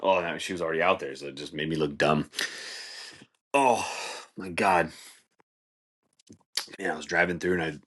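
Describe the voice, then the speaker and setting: Man, very low voice, casual rambling storyteller, swears a lot, says "like" and "dude" constantly, jumps way up in pitch when quoting people. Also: normal speed, pauses often, a bit bright. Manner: laid-back, swears a lot, fills with "like" and "dude"; acts out voices in quoted speech, jumping far higher. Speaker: podcast host.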